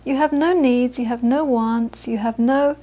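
A woman giving a Buddhist dharma talk, telling lively stories and then speaking softly about inner peace. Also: a little high, measured pace, lo-fi sound. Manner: storytelling, animated when quoting, soft and hushed on inner peace. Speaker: Buddhist teacher.

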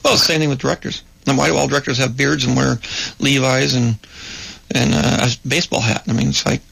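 A man's voice: mid-range voice, fairly even intonation, a little fast, vocal fry, fairly bright tone, slightly rough, rough recording. A man, a filmmaker, talking in casual conversation, thoughtful and repeating words as he thinks.

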